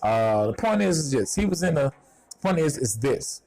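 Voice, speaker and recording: A man's voice: a little high, very animated, normal speed, gravelly, darkish tone, dry recording. A man from Houston with a Southern Texas accent talks through a casual TV review in a chatty, self-deprecating way. He is outdoors at a golf course, picked up by a clip-on mic on his shirt. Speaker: TV show reviewer.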